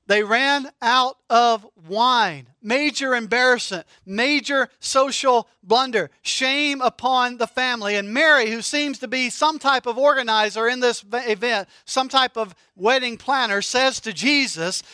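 High bright voiced preacher guy, jokey and animated, dry close sound. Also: measured pace, hardly any pauses, smooth, dry recording. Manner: animated preaching with humor and rhetorical questions. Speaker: pastor. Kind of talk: sermon.

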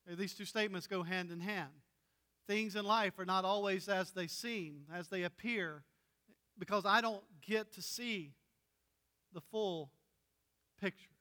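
High-voiced pastor preaching in a hall. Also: male voice. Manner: storytelling, animated, acts out quoted voices. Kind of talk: sermon.

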